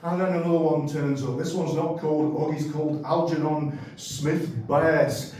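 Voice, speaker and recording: A man doing a stand-up comedy set, telling rambling, animated stories and correcting himself as he goes. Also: fairly high pitch, moderate pace. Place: comedy club stage. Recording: very echoey room, mic at a distance.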